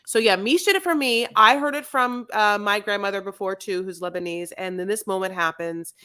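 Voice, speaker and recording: A woman co-hosting a podcast with a Valley Girl accent, chatting fast about reality TV with quick asides. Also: medium pitch, pushed and bright, clear, resonant tone. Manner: chatty, quick asides, says honey a lot. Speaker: podcast co-host. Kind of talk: casual reality TV recap chat.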